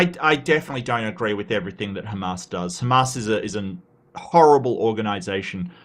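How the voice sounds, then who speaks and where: A man's voice: medium pitch, fairly bright tone. An Australian man hosts his own livestream in a loose, casual way. He talks with heated conviction and often trips over his words, restarting and repeating himself as he pushes his point. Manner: impassioned, repetitive restarts. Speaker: livestream host.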